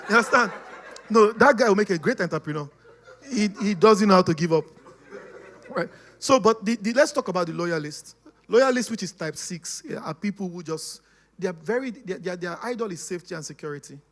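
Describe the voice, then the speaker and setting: High-voiced animated man. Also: fairly quick. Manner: animated, laughing, acts out quoted voices, keeps asking "you understand?". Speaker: speaker on personality types. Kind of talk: casual teaching talk.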